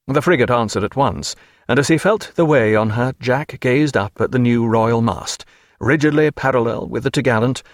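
A man reading a naval novel aloud as an audiobook narrator, measured and steady. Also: medium pitch, no echo, clean studio sound. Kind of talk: scripted narration.

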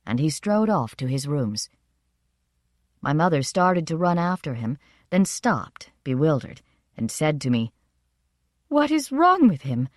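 Woman reading a story aloud, low voice, lots of expression. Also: animated, measured pace, darkish tone, no room sound, clean studio sound. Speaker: audiobook narrator. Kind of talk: first-person scripted narration.

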